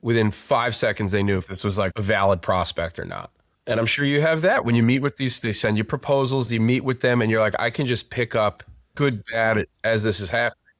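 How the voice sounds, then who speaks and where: A man's voice: fairly low pitch, fairly even intonation, fairly quick, a bit bright, no room sound. Chatty man in a dry room. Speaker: podcast host. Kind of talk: conversational podcast interview.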